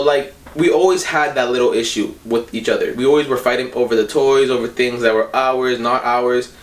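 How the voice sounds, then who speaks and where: A man's voice: medium pitch, recorded from a distance. Rambling young man telling a story. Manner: rambling, filler-heavy slangy telling. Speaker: storytime vlogger. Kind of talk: casual storytime monologue.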